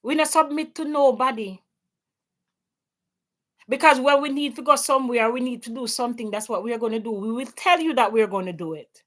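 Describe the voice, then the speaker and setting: She talks fast with few pauses, in a slightly high and somewhat bright voice: a Jamaican livestream host at home in Canada. In her casual opinion chat she mixes patois with English and leans hard on emphasis.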